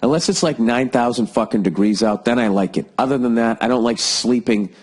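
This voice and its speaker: Husky, profane podcast host riffing. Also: male voice, medium pitch, brisk. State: has a lingering cough. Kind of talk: rambling solo podcast monologue.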